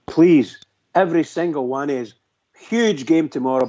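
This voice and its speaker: A man's voice: a little high, unhurried, mellow. A man co-hosting a radio show, rallying fans with enthusiastic praise. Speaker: radio co-host. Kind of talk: casual radio sign-off. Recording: dull lo-fi audio.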